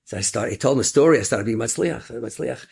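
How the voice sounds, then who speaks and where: A man telling an inspirational story in animated storytelling, sprinkling Yiddish and Hebrew words. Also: medium pitch, quick pace, gravelly, breathy edge.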